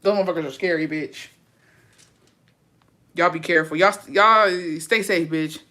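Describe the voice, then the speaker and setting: A woman's voice: fairly low pitch, moderate pace, sharp tone. A woman reacting to viewer comments in blunt, profane, sassy casual chat, repeating points for emphasis.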